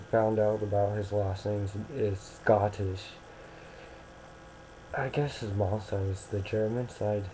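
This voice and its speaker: Young man, slow rambling webcam talker, low dark voice, jokes and corrects himself. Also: slight background noise, rough recording. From Maryland, United States. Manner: rambling, self-correcting, joking. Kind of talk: casual webcam monologue.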